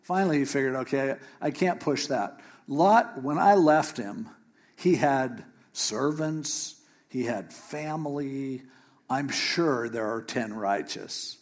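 A man preaching a sermon, retelling a scripture story in a lively, joking way with paraphrased dialogue. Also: medium pitch, slow pace. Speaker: pastor.

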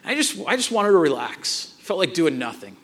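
High-voiced man preaching through a story. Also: moderate pace. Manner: animated storyteller, acts out dialogue, frequent restarts. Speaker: pastor. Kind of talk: sermon with personal storytelling.

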